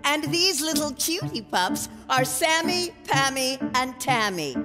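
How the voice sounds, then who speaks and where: A woman voicing a kind, calm mother otter in a storybook reading, speaking gently. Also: sits high, measured pace, long reverb tail, over loud music.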